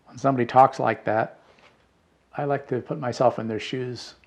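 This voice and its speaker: A middle-aged man reading out letters and reflecting, in a slow, halting way with fillers and restarts. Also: mid-range voice, fairly even intonation, creaky. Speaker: spiritual podcast host.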